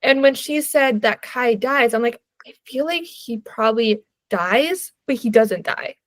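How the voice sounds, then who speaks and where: A woman's voice: fairly high pitch, a little slow, no echo. Upbeat young woman gushing about a book. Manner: animated, laughing, many "like"s. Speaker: podcast co-host. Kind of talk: casual book chat.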